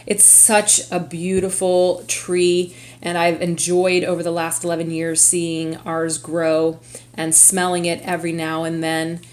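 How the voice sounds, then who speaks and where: A woman's voice: on the low side, little pitch movement, a little slow. A middle-aged woman from California hosting her own craft vlog, talking casually in a chatty, rambling way with lots of fillers. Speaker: craft vlogger. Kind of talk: casual chat.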